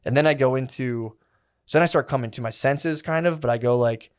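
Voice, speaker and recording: A man's voice: mid-range voice, fairly quick, smooth. A young man casually telling a long story, rambling and swearing, with a "like" and a "dude" in nearly every sentence. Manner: rambling, peppered with "like" and "dude", profane. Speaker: podcast co-host.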